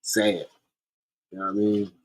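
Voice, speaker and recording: A man's voice: fairly low pitch, level tone, unhurried. A man hosting a podcast, telling stories in a blunt, profane, laid-back way. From Columbia, South Carolina. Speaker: podcast host. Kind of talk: casual storytelling monologue.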